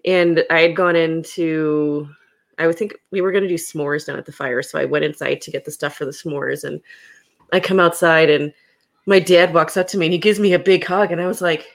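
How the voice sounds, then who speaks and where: A young woman hosting a podcast, telling personal stories in a casual, animated way and laughing often. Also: on the low side. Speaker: podcast host. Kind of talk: casual storytelling chat.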